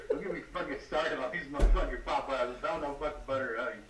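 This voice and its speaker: A fairly high-voiced man rants in casual podcast chat, swearing nonstop and laughing between outbursts. He sits back from the mic in a reverberant room with plenty of background noise. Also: fast, far from the mic. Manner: heated, swears constantly, laughs while ranting. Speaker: podcast co-host. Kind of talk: casual profane ranting chat.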